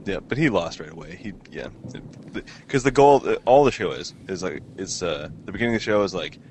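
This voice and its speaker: A man's voice: deep voice, lively intonation, fairly quick, a little mellow, slight background noise. A man chatting casually, rambling and laughing, with lots of fillers and restarts. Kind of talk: casual chat.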